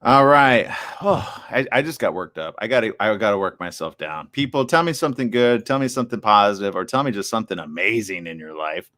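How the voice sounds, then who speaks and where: Male morning host, animated and excitable, riffs hard, reads out chat comments. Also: fairly low pitch, brisk. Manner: reads viewer comments aloud. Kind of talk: live streamed talk show chat.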